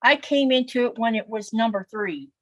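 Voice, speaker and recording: A woman's voice: fairly high pitch, moderate pace, no room sound, rough recording. A woman chatting casually on a sewing livestream as co-host, telling long rambling stories with many fillers.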